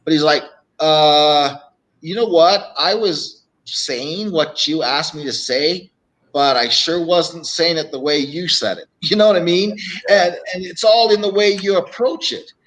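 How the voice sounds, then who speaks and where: A man's voice: a little high, measured pace, fairly bright tone, low-quality recording. A middle-aged man, a real estate coach, telling stories on a live show and acting out phone calls as he goes. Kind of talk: live show guest storytelling.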